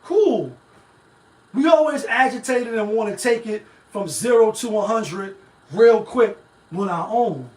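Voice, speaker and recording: A man hosts a live-stream talk show, rambling through casual, profane commentary aimed straight at his viewers. His high-sitting voice is expressive and measured in pace, recorded from a distance in an echoey room.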